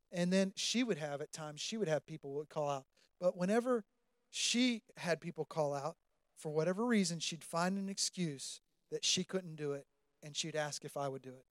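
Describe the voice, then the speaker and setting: A man's voice: on the high side, dry recording, clean studio sound. A man preaching a sermon to a congregation, telling a personal story and building into impassioned preaching. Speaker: pastor. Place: church sanctuary with congregation.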